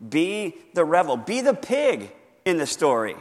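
A man teaching how to read the Bible devotionally, earnest and encouraging, often slowing down to stress key words. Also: high-pitched, very animated, long reverb tail. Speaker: pastor teaching Bible reading. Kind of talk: teaching talk from a handout.

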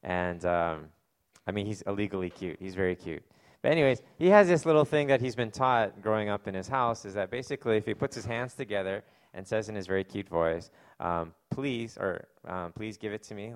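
A man preaching a sermon, reading scripture slowly and then telling stories in a loose, chatty way with many fillers. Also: clean tone. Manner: acts out quoted people in loud high voices. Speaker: pastor.

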